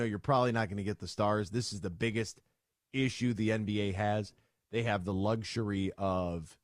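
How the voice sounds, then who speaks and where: Low-voiced blunt sports radio host. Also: male voice, no room sound, clean studio sound. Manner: animated storyteller, acts out both sides of conversations; blunt and opinionated. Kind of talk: casual sports talk monologue.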